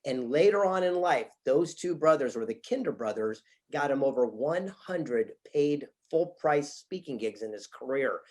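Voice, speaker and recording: A man's voice: medium pitch, expressive, moderate pace, hardly any pauses, a little mellow. A man guest on an interview show, telling a story dramatically and acting out the voices he quotes. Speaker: guest speaker. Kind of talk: casual interview chat.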